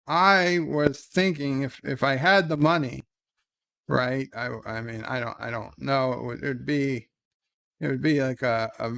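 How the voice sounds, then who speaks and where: A man's voice: mid-range voice, creaky, fairly bright tone, dry recording. A man hosting a casual livestream, reading advice letters and chat in a rambling, hesitant, self-deprecating way. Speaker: streamer host.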